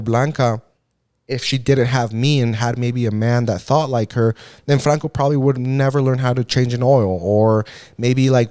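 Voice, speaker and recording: A man's voice: medium pitch, darkish tone, no echo. A man co-hosting a casual podcast with his wife, talking in a rambling way full of "like" and mild swearing, now and then dropping Spanish phrases. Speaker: podcast co-host. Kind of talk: casual chat.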